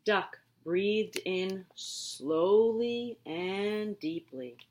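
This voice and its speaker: A woman teacher reading a picture book aloud to her students, with expressive, drawn-out storytelling. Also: mid-range voice, a little hiss or hum.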